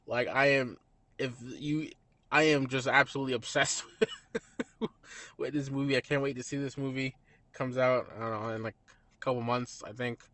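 A man's voice: mid-range voice, dry recording. Young male host, casual film chat, cusses and laughs a lot, dry close sound. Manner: laughs often, swears, animated retelling. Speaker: podcast host.

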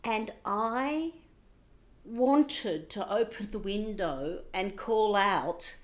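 A woman recounting a painful childhood memory in an interview, intense and sometimes dropping to a hushed whisper. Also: mid-range voice, drawn-out words. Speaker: interview guest. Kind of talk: personal storytelling.

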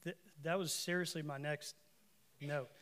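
A preacher with a somewhat high, fairly bright voice addresses his congregation conversationally at a measured pace, with fairly even intonation. He breaks off for asides and corrections and builds toward emphatic, repeated lines.

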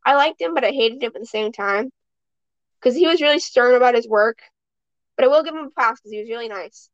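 A woman's voice: fairly high pitch, brisk, no room sound. A woman hosting a podcast and chatting casually, telling rambling stories that restart mid-sentence. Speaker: podcast host. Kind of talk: casual chat. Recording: dull, dry sound.

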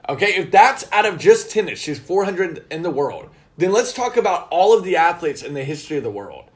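A man chats casually and bluntly, his voice swinging up and down with emphatic, indignant stresses. His voice sits a little high for a man. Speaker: co-host. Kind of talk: casual reaction chat.

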